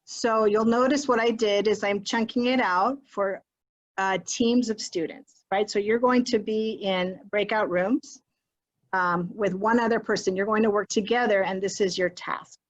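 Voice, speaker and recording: A woman's voice: medium pitch, fairly even intonation, a little slow, highs cut off. A woman leading an online workshop for teachers in a chatty, encouraging way, mixing in Spanish phrases, recorded on a computer mic during a video call. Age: adult with a child. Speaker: teacher leading a training for educators.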